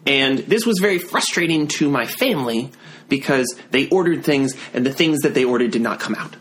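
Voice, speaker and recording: This man spins a story as a podcast guest, circling back with restarts and laughing at himself. His pitch sits right in the middle for a man, and a faint hiss runs under the talk. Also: animated, fairly quick, fairly bright tone. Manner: rambling storyteller, many restarts, self-deprecating. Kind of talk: casual podcast chat.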